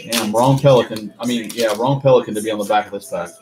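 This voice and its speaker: A man's voice: lowish voice, fairly even intonation, quick pace, darkish tone. A man hosting a live card break, casually rattling off player names with chatty asides and mild swearing. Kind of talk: casual live commentary while opening card packs.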